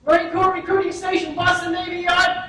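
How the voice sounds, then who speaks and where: An older woman voicing a formal male Marine recruiting sergeant with crisp, clipped military courtesy, in an echoey room far from the mic. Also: extremely high pitch, flat delivery, a little fast, bright, forceful tone, pitched above the performer's own voice. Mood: brisk formal.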